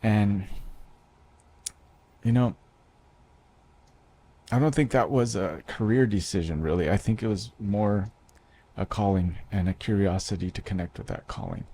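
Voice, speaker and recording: A man's voice: lowish voice, unhurried, long pauses, warm tone, a little hiss or hum. A man in his thirties telling a personal story to an audience in a conversational way, with many fillers and restarts. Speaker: speaker.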